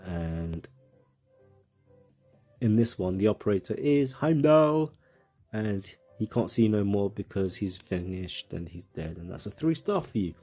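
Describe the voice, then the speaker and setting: A man's voice: on the low side, sing-song, a little slow, warm tone, soft background music. A man with a British accent giving casual, rambling commentary on a game, with self-mocking asides.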